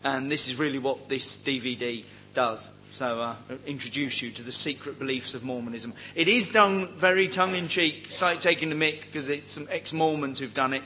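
A man's voice: medium pitch, normal speed, hardly any pauses, pushed and bright, slight background noise, low-quality recording. A man giving an informal teaching talk on cults, chatty and wry, with many ums and joking asides. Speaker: seminar speaker on cults.

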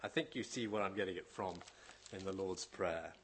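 A man preaching a sermon in an animated, emphatic, conversational way with occasional hesitations. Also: sits low, moderate pace, slight background noise.

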